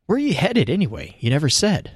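A man's voice: fairly high pitch, wildly swooping pitch, fast talker, breathy edge, no echo, heavily acted. A man voicing a friendly, chatty male machine traveler. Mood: cheerful. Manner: cheerful, talkative.

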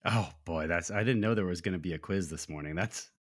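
A man's voice: low voice, a little fast. An American man co-hosting a Christian podcast, speaking in an earnest, reflective way. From United States. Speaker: podcast co-host. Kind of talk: casual faith podcast chat.

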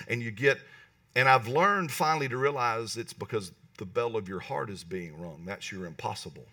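A man preaching a lively sermon in church, often asking the congregation "right?" and pausing for answers. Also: mid-range voice, far from the mic. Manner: animated, talks to the congregation with calls like "right?". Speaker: pastor. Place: church hall.

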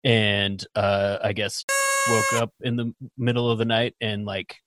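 A man's voice: on the low side, level tone, measured pace, very noisy. A man co-hosting a podcast, telling a crude story casually and laughing through it. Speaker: podcast co-host.

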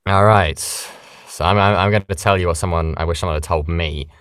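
A British man, a voice actor, chatting casually in an interview and explaining things in a lively, animated way. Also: deep voice, moderate pace, dry recording, studio quality. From Britain. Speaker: voice actor guest.

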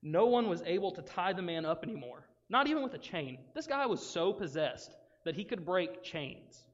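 A young man giving a casual, joking youth sermon, animated and often breaking into asides. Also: high voice, moderate pace. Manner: joking, animated, self-interrupting. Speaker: youth speaker. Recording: dull sound with long hall reverb.

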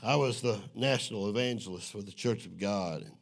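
A middle-aged man, preaching his testimony in a sermon, moving from hushed storytelling to shouting. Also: fairly low pitch, fairly quick, gravelly. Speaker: evangelist.

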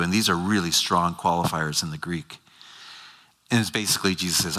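A man's voice: low voice, fairly even intonation, a little fast, sharp tone. Emphatic man explaining scripture in a hall. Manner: emphatic, repeats and stumbles for words. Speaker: speaker. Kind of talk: explaining scripture to a live audience. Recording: long hall reverb.

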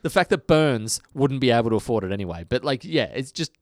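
A man's voice: mid-range voice, animated, a little mellow, no echo, studio quality. An Australian man hosting a casual podcast chat, reading out listener mail between asides. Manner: chatty, reads listener mail, slips into quick impressions. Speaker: podcast host.

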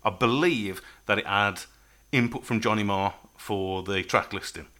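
A man hosting a casual music podcast, chatty and quick to laugh, reading notes aloud. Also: on the low side, bright, forceful tone. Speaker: podcast host.

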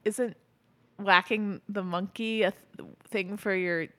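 A woman co-host on a comedy podcast, her pitch sitting mid-range. She chimes in with quick, crude jokes and playful interruptions during the banter. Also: fairly even intonation, sharp tone.

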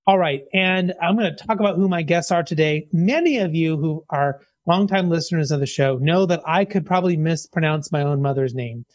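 A man's voice: fairly high pitch, fairly quick, few pauses, dry recording. Chatty self-deprecating male podcast host. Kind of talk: casual show intro and interview.

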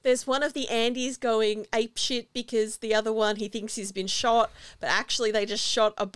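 A woman's voice: on the high side, fairly even intonation, normal speed, clean tone, no echo. A woman hosting a podcast, chatting enthusiastically as she recaps a film. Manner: chatty, enthusiastic, acts out quotes. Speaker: podcast host. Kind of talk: casual chat recapping a film.

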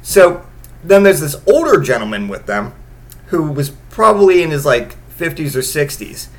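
Brief: a sarcastic man in his late thirties, slightly high voice, rambling casual stories full of profanity. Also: very animated, normal speed. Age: late 30s. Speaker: podcast host. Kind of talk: casual comedic storytelling.

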